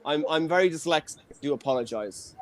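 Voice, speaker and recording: A young Irish man with a slightly higher voice hosts a streamed comedy night. He talks in a loose, self-deprecating, cheeky way, wandering through his jokes. The sound comes from a home video call. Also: lively intonation, fast. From Ireland. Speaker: comedy show host. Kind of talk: online stand-up set and hosting.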